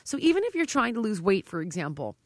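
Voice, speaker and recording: A woman's voice: mid-range voice, fast, no echo, studio quality. A middle-aged woman, a fitness trainer, speaking emphatically and directly in a conversational interview. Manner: emphatic and direct, with animated quoted dialogue.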